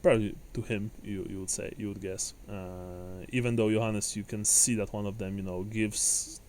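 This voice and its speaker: Halting male game master. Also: fairly low pitch, level tone, darkish tone, a little hiss or hum. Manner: halting, many fillers and restarts. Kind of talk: narrating a tabletop game.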